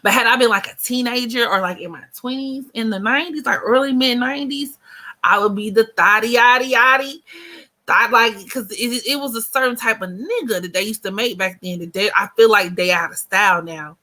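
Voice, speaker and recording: A woman's voice: fairly high pitch, brisk, few pauses, bright, forceful tone. An American woman in her thirties hosting a casual livestream chat, blunt, slangy and joking as she talks. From United States. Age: 30s. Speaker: host.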